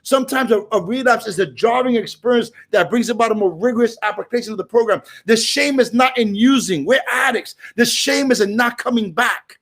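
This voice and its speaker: A middle-aged man from Brooklyn with a New York accent, sharing at a recovery meeting in a casual, animated way that bursts into shouts. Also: very high voice, fairly quick, few pauses.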